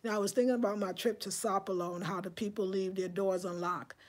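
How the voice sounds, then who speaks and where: A woman's voice: medium pitch, fairly even intonation, fast talker. A woman in her fifties from New York, chatting casually to her viewers from her home in a breezy, friendly way, as if talking to girlfriends. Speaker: lifestyle vlogger. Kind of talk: casual chat to the camera. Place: at home indoors.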